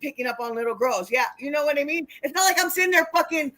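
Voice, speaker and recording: A woman's voice: high-pitched, expressive, quick pace, bright, forceful tone, rough recording. A woman guest in a casual interview, talking bluntly and swearing freely, acting out other people's lines as she tells her stories.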